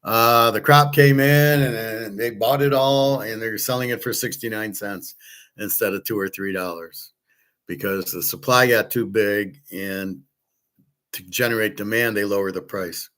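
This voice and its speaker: Man, low voice, rambling handicapper's monologue, profane and blunt, full of restarts. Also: fairly even intonation, unhurried, a bit bright. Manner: acts out both sides of imagined conversations. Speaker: sports handicapper and commentator.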